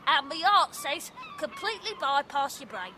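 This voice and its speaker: Gushing girl, radio play, squeaky high, sharp tone. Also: big pitch swings, normal speed, slight background noise, exaggerated voice. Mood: smitten. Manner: dopey, gushing and earnest. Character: lovesick, snotty working-class young woman sidekick. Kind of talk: comic radio drama acting.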